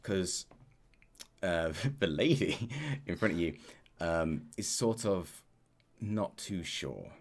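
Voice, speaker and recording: Slow, deep-voiced man running a tabletop game. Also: big pitch swings. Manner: measured narration with frequent fillers. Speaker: dungeon master.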